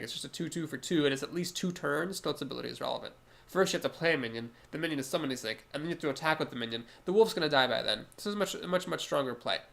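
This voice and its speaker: A man's voice: a little high, gravelly, fairly bright tone. A man with a cold, sounding nasal, talking through his card game moves aloud as a streamer. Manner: analytical, talks through each move aloud. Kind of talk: casual gameplay commentary.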